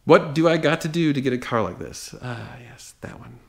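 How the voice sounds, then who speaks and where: Man, car dealer, sarcastic, exasperated, blunt, medium pitch. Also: normal speed, creaky. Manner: blunt and dismissive. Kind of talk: reading and reacting to buyer messages.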